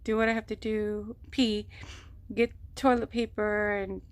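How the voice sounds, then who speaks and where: A woman telling a long personal story on her vlog, rambling and animated, acting out what people said. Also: medium pitch, unhurried, no echo. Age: adult, mother of a grown son. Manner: rambling, animated retelling with quoted voices. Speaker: vlogger. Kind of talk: casual storytelling.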